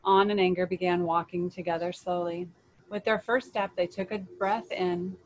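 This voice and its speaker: Gentle woman reading a children's story. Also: lowish voice, steady tone, normal speed, a little hiss or hum, poor audio. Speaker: children's story and meditation leader.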